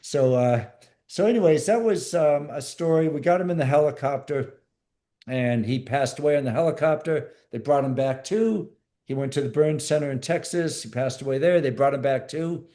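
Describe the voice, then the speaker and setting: Male guest, ex-military medic, warm mellow tone, plain-spoken storyteller who repeats himself. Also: a little high, moderate pace. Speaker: podcast guest, former Navy SEAL medic. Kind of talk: storytelling interview.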